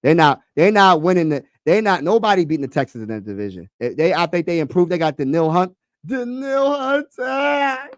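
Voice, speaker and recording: A man hosting a casual sports talk livestream, excitable and slangy, repeating himself and talking to his chat. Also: a little high, quick pace, hardly any pauses, no room sound, clean studio sound.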